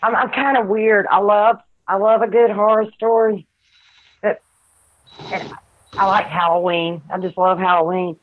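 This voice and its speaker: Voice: mid-range voice, steady tone, measured pace. A speaker with a Southern country twang, rambling in casual chat and laughing often. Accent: Southern American. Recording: tinny phone-like line.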